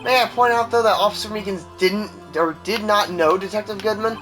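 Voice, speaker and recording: A man voicing a confident young male defense lawyer in a measured reading over game music. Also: high-pitched, fairly even intonation, close to an everyday voice.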